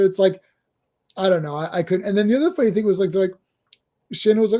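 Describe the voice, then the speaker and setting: High, mellow-voiced man chatting. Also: steady tone. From Canada. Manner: rambling, repeats words, quick asides. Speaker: podcast host. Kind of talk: casual chat.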